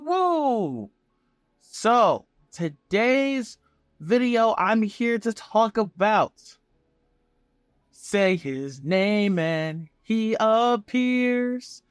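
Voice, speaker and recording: A man talking as a vlogger, giving casual fan commentary in an excitable, profane, rambling way. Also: sits high, slow pace, long pauses, no room sound, clean studio sound, faint music behind. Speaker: wrestling vlogger.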